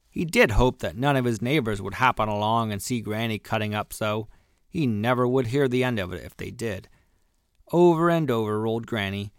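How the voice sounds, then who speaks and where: A man reading a children's animal story aloud, expressive and gently playful. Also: medium pitch, dry recording, studio quality. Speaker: audiobook reader. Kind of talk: storybook narration.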